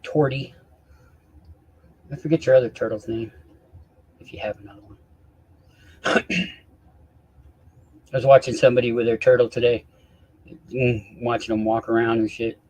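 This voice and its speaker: A man's voice: medium pitch, little pitch movement, normal speed, long pauses, a little mellow. A man hosting a casual live stream, rambling and swearing in exasperation while he chats with viewers.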